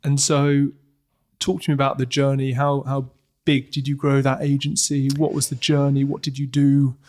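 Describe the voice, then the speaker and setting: A man's voice: medium pitch, completely flat delivery, normal speed, darkish tone. A man hosting a podcast interview, asking probing, conversational questions. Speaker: podcast host.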